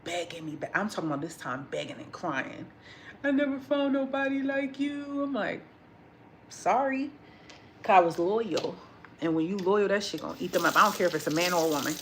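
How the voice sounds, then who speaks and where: A woman chatting casually with her livestream viewers while she cooks in a home kitchen. She tells stories in an animated way, acts out what people said, and curses freely. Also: on the low side, fast talker, a little hiss or hum. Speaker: vlogger chatting with live viewers.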